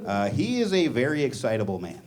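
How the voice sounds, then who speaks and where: A man doing a stand-up comedy set on a club stage, with a deadpan, self-deprecating delivery. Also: mid-range voice, a little fast, heavy background noise. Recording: live club audience. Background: laughing audience.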